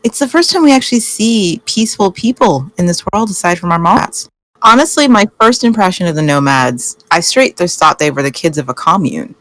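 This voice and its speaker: Low-voiced woman, animated fan panelist. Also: fairly quick, dry recording. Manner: animated, acts out characters with laughter. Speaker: podcast panelist. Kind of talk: casual chat.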